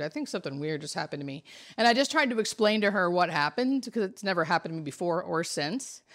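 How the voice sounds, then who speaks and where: A woman, a hospice nurse telling a story in casual chat, animated and full of fillers. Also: lowish voice, clear, resonant tone, no room sound, clean studio sound. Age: 30s.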